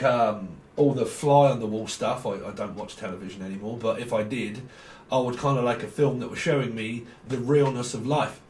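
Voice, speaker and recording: A man with a medium, slightly mellow voice reads tarot and talks casually to viewers. He's blunt, rambling and teasing, swearing freely and laughing often, in an echoey room with faint ambient noise.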